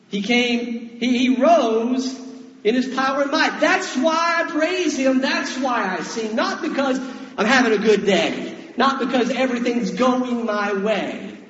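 A man's voice: extremely high pitch, fairly bright tone. A man preaching a sermon as pastor, talking conversationally and putting questions to the congregation. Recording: echoey hall, dull sound.

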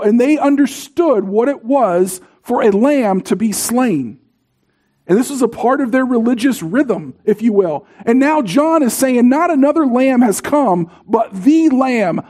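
A man in his thirties preaching a sermon as pastor, in a conversational, animated storytelling way. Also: very high-pitched.

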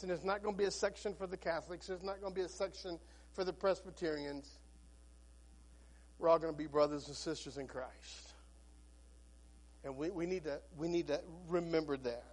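High-voiced folksy pastor. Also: male voice. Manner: folksy storytelling with repeated restarts. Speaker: Baptist pastor. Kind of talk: sermon.

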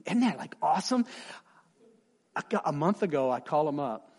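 A man preaching a sermon, telling a story with lively voices for the people he quotes and dropping soft and quiet for emphasis. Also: moderate pace, gravelly, pauses often, slightly rough. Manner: animated, acts out quoted people with big pitch swings. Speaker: pastor.

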